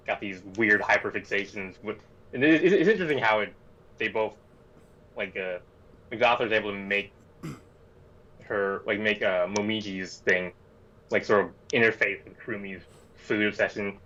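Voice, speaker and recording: A man's voice: lowish voice, sharp tone. A young man co-hosting a casual stream chat, talking hesitantly with many fillers and trailing thoughts. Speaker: co-host. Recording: dull lo-fi mic.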